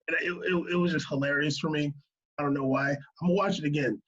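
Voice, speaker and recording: High-voiced laughing podcast host. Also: male voice, dull audio. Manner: laughs often, recaps lists quickly. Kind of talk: casual chat.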